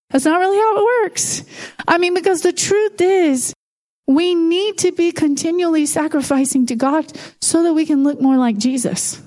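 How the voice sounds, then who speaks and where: A woman preaching a sermon in a church, talking in a conversational, animated way with everyday fillers. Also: very high voice, moderate pace.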